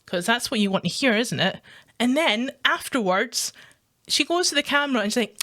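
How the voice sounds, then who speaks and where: Animated Scottish woman ranting. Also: fairly high pitch, moderate pace. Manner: swearing, animated, laughs often. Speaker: gaming vlogger. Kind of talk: casual ranting commentary.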